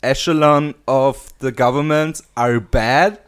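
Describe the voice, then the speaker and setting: A man's voice: mid-range voice, fairly even intonation, slow, smooth. A man hosting a podcast, chatting casually with crude jokes and frequent laughter. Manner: crude joking, laughs often. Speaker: podcast host. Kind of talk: casual comedic chat.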